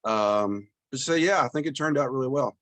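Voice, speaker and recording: A man's voice: mid-range voice, expressive, moderate pace, fairly bright tone, no echo. Man, video call audio, dry close sound, modest, plainspoken. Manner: modest, plainspoken, laughs easily. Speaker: caller, business owner. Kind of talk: casual Zoom group chat. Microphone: video call, audio only.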